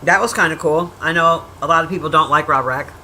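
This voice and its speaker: This time the woman's voice is low-pitched yet pushed and bright, with a little hiss or hum on a rough recording. She bluntly rants about a film on her livestream, teasing an unresponsive chat, swearing a lot, and rambling through restarts and stretched-out asides.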